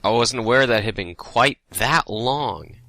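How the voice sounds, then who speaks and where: Flustered deadpan sketch host. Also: male voice, medium pitch, measured pace, dry recording. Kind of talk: comedy sketch talk show.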